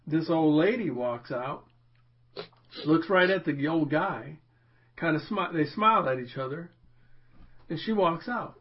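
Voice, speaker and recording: A man's voice: on the high side, lively intonation, measured pace, long pauses, husky, lo-fi sound. A man casually telling a rambling anecdote on a talk show, often restarting his sentences. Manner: rambling, self-interrupting, puts on voices in anecdotes. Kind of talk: casual storytelling.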